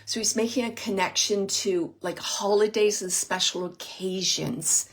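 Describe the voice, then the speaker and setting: A woman working as a psychic medium, giving a live reading to an audience member in a halting, searching way, repeating phrases as she relays messages. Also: mid-range voice.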